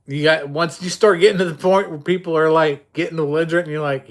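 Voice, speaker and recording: A man's voice: a little high, steady tone, fast talker. A middle-aged man chatting on a livestream, talking tough and blunt, swearing freely and rambling with stammered restarts. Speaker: livestream host. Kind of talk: casual livestream chat.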